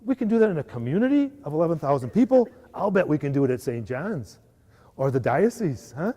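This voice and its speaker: Man, workshop trainer, mellow voice, slightly high pitch, long hall reverb. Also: a little fast. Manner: lively, asks the audience for agreement. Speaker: trainer giving a parish workshop. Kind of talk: live workshop talk.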